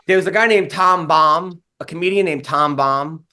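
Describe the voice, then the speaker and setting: Male comedian host, a touch high, loose rambling storyteller, profane and casual. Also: normal speed, pushed and bright, clean tone. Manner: rambling storyteller, lots of "like" fillers, swears often. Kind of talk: casual podcast chat.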